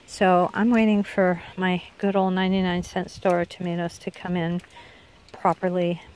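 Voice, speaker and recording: A middle-aged woman, unwell and hiccuping, gives a casual garden tour in her backyard for her vlog, rambling and often self-correcting partway through sentences. Her voice sits on the low side, level and a little mellow, at a moderate pace.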